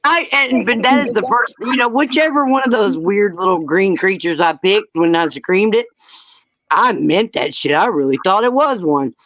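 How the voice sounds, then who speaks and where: A woman's voice: mid-range voice, moderate pace, fairly bright tone, no room sound, dull audio. A woman co-hosting a casual chat show, telling stories in a blunt, profane, laid-back way. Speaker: co-host.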